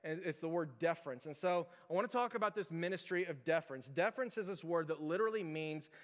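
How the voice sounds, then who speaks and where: Fast-talking and on the high side, a male pastor in his thirties delivers a laid-back, story-driven sermon. He chuckles a lot while speaking conversationally, and the recording rings with long hall reverb.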